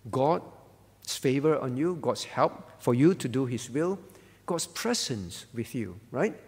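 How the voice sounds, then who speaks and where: A man's voice: mid-range voice, sing-song, a little slow, a little mellow, slightly rough. A man preaching at a prayer meeting as the pastor, earnest, repeating his phrases and quoting scripture. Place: church hall. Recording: church hall with long reverb.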